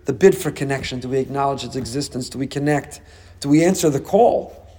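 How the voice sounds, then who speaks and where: A man's voice: mid-range voice, a little fast, warm tone, husky. A man teaching a Torah class as a rabbi, delivering an emphatic sermon full of rhetorical questions. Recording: long hall reverb.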